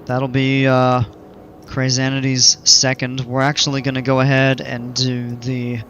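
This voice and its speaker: A man's voice: mid-range voice, monotone, unhurried, a bit bright, dull audio, slight background noise. Easygoing man streaming a game. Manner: easygoing, rambling, chatty with viewers. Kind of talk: casual live gameplay commentary.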